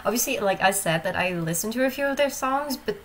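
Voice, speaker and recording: A woman's voice: fairly high pitch, lively intonation, fast talker, fairly bright tone, a little hiss or hum, rough recording. A woman hosting a reaction video, talking casually with hesitant ums and gushing, emotional remarks.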